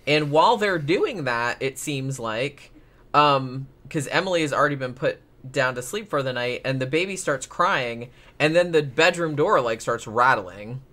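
A man's voice: medium pitch, animated, moderate pace, sharp tone. Rambling, profane male podcast co-host. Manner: rambling, profane, laughs often. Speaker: podcast co-host recapping a case. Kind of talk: casual chat.

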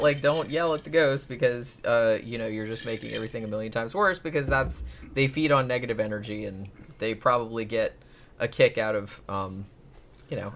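A man's voice: medium pitch, fairly bright tone. A man casually recapping a paranormal case as a podcast co-host, rambling, swearing freely and laughing often. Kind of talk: casual chat.

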